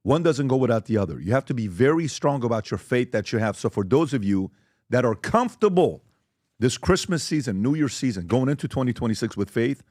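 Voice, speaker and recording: A man hosting a podcast, running the segments and pitching merchandise in an upbeat way. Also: sing-song, fairly quick, darkish tone, no echo, studio quality. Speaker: podcast host.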